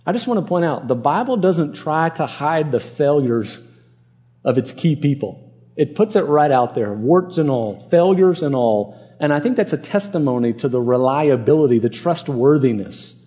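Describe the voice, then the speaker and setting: A man's voice: fairly high pitch, expressive, moderate pace, warm tone. A male pastor from Arkansas preaching a conversational sermon and acting out the people in the passage.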